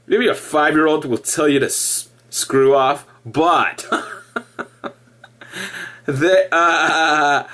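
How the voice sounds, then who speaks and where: A middle-aged man ranting casually to camera about his past, animated and sarcastic, with laughing asides. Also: on the high side. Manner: animated, laughing asides, mock-cheerful impressions. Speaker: ex-member giving opinions.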